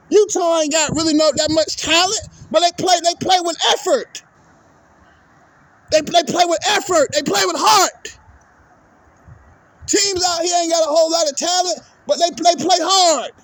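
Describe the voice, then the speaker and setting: A man's voice: very high-pitched, a bit bright, dry recording. A man giving an angry, profane sports rant to his viewers, exasperated and repeating himself. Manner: profane, exasperated, repetitive ranting. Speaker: vlogger.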